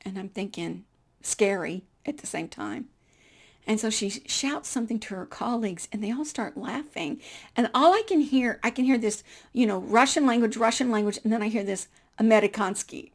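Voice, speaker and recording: Woman storyteller from the United States, animated, raspy fry in her voice. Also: on the high side, normal speed. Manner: animated, acts out dialogue, laughs often. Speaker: speaker telling her life story. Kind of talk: personal storytelling.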